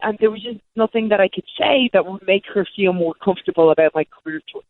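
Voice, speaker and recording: A woman's voice: medium pitch, expressive, fast talker, dry recording. A woman in her thirties telling long personal stories as an interview guest, rambling with frequent restarts. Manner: rambling, self-correcting restarts. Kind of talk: candid storytelling. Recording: tinny phone-like line, dry.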